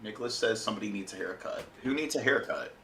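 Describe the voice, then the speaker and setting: An American man hosting a casual stream podcast, trading sardonic deadpan jokes. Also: lowish voice, fast, a crowd in the background. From United States. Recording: roomy echo.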